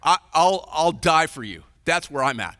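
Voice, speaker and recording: A man's voice: a little high, expressive, moderate pace, bright, forceful tone, smooth, no echo, clean studio sound. A male pastor putting on a proud, impulsive disciple who insists emphatically on his loyalty. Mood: insistent. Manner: emphatic, protesting.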